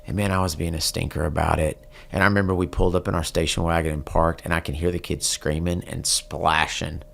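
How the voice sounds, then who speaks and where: A man's voice: low-pitched, little pitch movement, gravelly, a bit bright. A man, earnestly telling a personal story in an interview. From Texas. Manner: earnest, reflective, slowing down at key moments. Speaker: guest, country singer.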